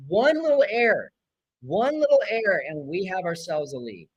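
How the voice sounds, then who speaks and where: A man's voice: high-pitched, moderate pace, breathy edge, low-quality recording. A man hosting a live baseball watch-along stream, cheering, griping about players and reading out viewer chat messages. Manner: excitable, swings from cheering to griping; reads out viewer chat names. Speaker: live stream host reacting to a baseball game.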